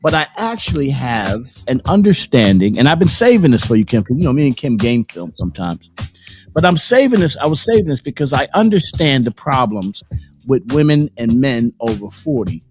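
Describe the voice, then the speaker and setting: A man hosting a casual live stream, telling loud, profane stories with lots of laughter and sing-song bits. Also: mid-range voice, very animated, moderate pace, soft background music. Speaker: host.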